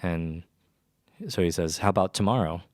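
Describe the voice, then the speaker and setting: A man's voice: low voice, steady tone, moderate pace, darkish tone, no echo, clean studio sound. A young man telling a personal story in a rambling, casual way with lots of restarts. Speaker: podcast host.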